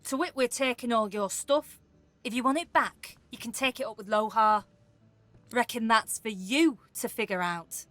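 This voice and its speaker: A smug thief voiced by a woman who taunts her victims in a video game. Her voice is fairly high and dry, close to the mic. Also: moderate pace, fairly bright tone, no echo, close to an everyday voice. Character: brash, mocking thief.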